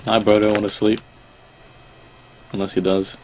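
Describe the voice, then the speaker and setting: Laid-back Australian young man, lowish voice. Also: little pitch movement, normal speed, slight background noise. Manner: laid-back, chatty, swears casually. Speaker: streamer playing a game. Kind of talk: casual gameplay chat with viewers.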